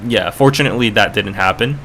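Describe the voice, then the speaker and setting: A young Korean man hosts a casual live stream with a clean North American accent learned in Canada. His voice is bright and forward, and he rambles through restarts and fillers like "you know" and "like". Faint noise sits under the recording. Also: fairly low pitch, fairly quick. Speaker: podcast host and streamer.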